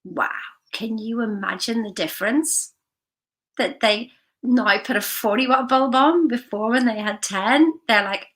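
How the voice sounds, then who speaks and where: A woman's voice: a little high, a little slow, fairly bright tone. Effusive woman vlogging outdoors. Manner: effusive, enthusiastic, storytelling. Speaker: life coach. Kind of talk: motivational vlog. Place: outdoors in the morning.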